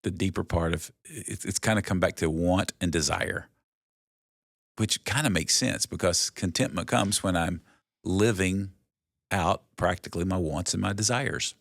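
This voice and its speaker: A man's voice: low voice, normal speed, gravelly, fairly bright tone, no room sound, clean studio sound. A middle-aged man co-hosting a podcast in casual chat, reflective and telling stories. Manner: reflective, storytelling. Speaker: podcast co-host.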